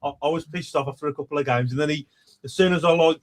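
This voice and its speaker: A man hosting a phone-in chat, excitable, affectionate and swearing freely. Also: on the high side, fast talker. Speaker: host. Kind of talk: casual chat.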